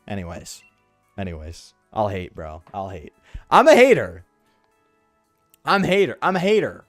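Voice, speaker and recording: A man streaming a game, chatting casually in an animated, slangy, ranting way. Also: fairly low pitch, moderate pace, long pauses, dry recording, faint music behind. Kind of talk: casual live-stream chat while gaming.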